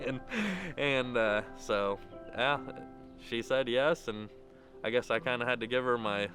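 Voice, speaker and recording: Music plays behind a young groom whose mid-range voice stays steady at a measured pace. He tells of his proposal, then toasts the wedding, in loose run-on storytelling packed with "and."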